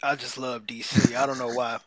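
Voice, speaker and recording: A man co-hosting a podcast in casual chat, easygoing and agreeable, quick to praise the others. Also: medium pitch, little pitch movement, no echo. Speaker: podcast co-host.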